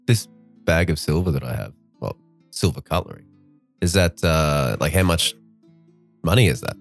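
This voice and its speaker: A man's voice: very deep voice, animated, moderate pace, creaky, faint music behind. A man playing a tabletop game, talking casually and hesitantly. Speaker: player.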